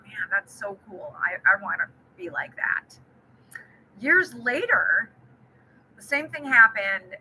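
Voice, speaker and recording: A woman's voice: mid-range voice, sharp tone, a little hiss or hum, poor audio. A woman giving a friendly live-streamed keynote talk and telling a personal story. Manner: friendly, storytelling, greets viewers by name. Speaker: keynote speaker.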